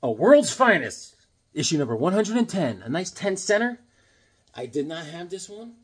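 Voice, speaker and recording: A man with a high-pitched, slightly rough voice and big swings in pitch talks at a moderate pace about his comics. The chat is rambling and jokey, with fillers and put-on character voices in his stories.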